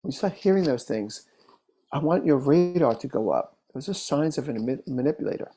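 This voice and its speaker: A man working as a therapist, telling case stories in a relaxed, conversational way, with fillers and restarts. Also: a little high, a little fast, breathy edge. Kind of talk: casual teaching talk with case stories.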